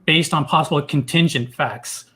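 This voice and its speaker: A man arguing a point on a podcast, halting and searching for words. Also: fairly high pitch, bright, forceful tone. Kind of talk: debate argument.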